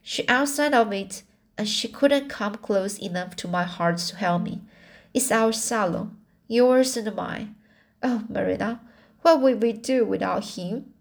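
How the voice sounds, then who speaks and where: A woman's voice: medium pitch, measured pace, gravelly. A woman reading aloud and voicing a grieving young orphan girl who pleads in a heartfelt way.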